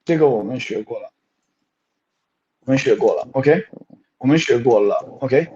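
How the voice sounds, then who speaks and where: Man, language teacher, warm mellow tone, patient explanations, dull lo-fi recording. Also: mid-range voice, animated, moderate pace, slight background noise. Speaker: Chinese teacher. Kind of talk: language lesson with code-switching.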